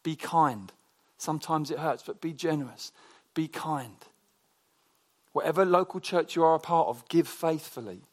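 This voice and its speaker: A man delivers a relaxed sermon, his voice sitting a touch higher than most men's. He tells stories in a chatty, animated way, often restarting his sentences as he goes. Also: normal speed. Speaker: preacher. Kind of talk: conversational sermon with personal stories.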